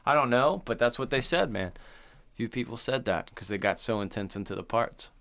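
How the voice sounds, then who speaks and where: A man's voice: mid-range voice, animated, normal speed, gravelly, a bit bright. A young adult man co-hosting a podcast in casual chat, laughing a lot as he retells scenes and quotes lines. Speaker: podcast co-host.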